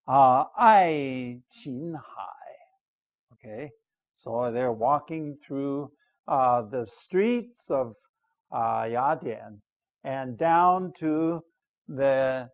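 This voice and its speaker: A man's voice: mid-range voice, animated, drawn-out words, phone-quality sound. An older American man teaching English, reading a story aloud and patiently explaining words while checking that listeners follow. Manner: patient, repeats phrases and checks understanding.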